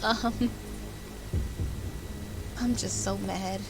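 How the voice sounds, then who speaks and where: A woman's voice: mid-range voice, fairly even intonation, drawn-out words. A woman streamer giving casual live commentary over a game, exasperated and talking back at the enemies on screen. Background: loud game music.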